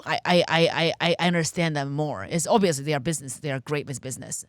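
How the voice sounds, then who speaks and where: A woman's voice: low-pitched, fast, no room sound, clean studio sound. A woman in her thirties from China, with a Chinese accent, telling her life story bluntly as a comedian guest on a podcast. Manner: candid, blunt storytelling with frequent restarts.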